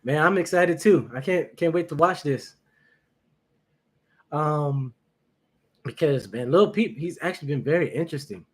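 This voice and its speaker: A man's voice: a little high, a little slow, pauses often, slightly rough. A man hosting his first livestream, chatting casually and nervously with viewers, greeting them by name and laughing often. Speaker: livestream reaction host.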